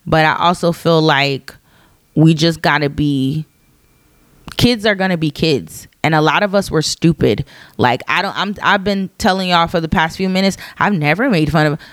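Gravelly-voiced woman rambling on a podcast. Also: medium pitch, dry recording, studio quality. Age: 30s. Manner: rambling, chatty, self-interrupting. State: tired. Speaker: podcast host; high school teacher. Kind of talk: casual solo podcast monologue.

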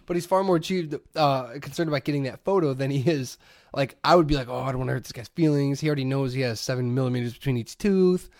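A man's voice: medium pitch, quick pace, a little mellow, no echo, clean studio sound. A man, telling a story animatedly in a casual podcast chat, laughing and swearing freely. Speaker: podcast co-host.

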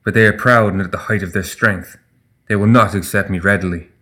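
A commanding ancient fae queen, as a man reads her in an audiobook. The voice sits low and measured, grave and regal, and she turns sharp when crossed. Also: fairly even intonation.

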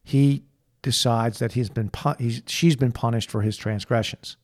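A man co-hosting a podcast, casually retelling a TV scene and quoting the characters in a lowered, hushed voice. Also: moderate pace. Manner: animated storyteller who quotes characters in a lowered, hushed voice. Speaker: podcast co-host.

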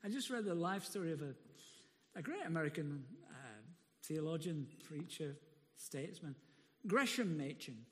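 A man preaching a sermon in a church, emphatic and animated, often breaking into laughs. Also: a little high, moderate pace. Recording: long reverb of a large hall.

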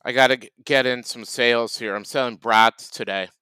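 Brief: male comedy host, deadpan, smooth resonant voice, dry close sound. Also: medium pitch, moderate pace, dry recording. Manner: deadpan, playing a food vendor. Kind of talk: improvised comedy sketch.

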